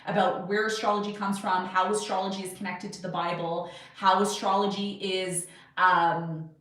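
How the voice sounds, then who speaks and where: A woman's voice: mid-range voice, little pitch movement, moderate pace, fairly bright tone, far from the mic. A woman in her thirties hosting an astrology livestream from her desk at home, chatting with viewers and answering their questions in a rambling, self-assured way. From Jamaican, Irish and Serbian heritage. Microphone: webcam or camera at a desk. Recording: very echoey room, voice set back from the mic.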